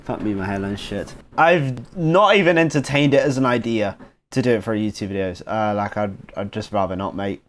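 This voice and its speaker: A man's voice: lowish voice, normal speed. A man hosting a reaction video, joking and swearing with mumbled self-mocking asides. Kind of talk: casual reaction commentary.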